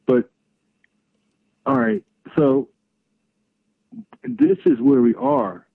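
Rambling middle-aged co-host on a phone line. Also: male voice, medium pitch, wildly swooping pitch, very slow, vocal fry, a little hiss or hum. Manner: rambling, searching for words. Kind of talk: casual political talk. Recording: tinny phone-line audio.

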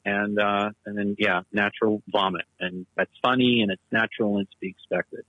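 A man's voice: on the low side, level tone, brisk, bright, forceful tone, dry recording, muffled recording. A man co-hosting a casual talk show, speaking in an analytical, discursive way. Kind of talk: casual chat.

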